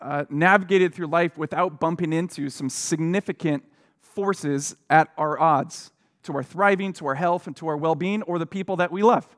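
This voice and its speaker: A middle-aged man delivers a sermon, speaking earnestly and conversationally, and he often pauses on fillers and restarts his sentences. His voice sits somewhat higher than most men's. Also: fairly bright tone. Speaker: pastor. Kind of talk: sermon with personal storytelling.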